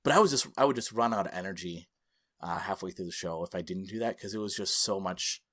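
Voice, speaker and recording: A man's voice: sits low, fast talker, a bit bright. A man co-hosting a podcast who tells a story with animation and acts out the people he quotes. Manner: laughs between phrases while telling a story. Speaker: podcast co-host.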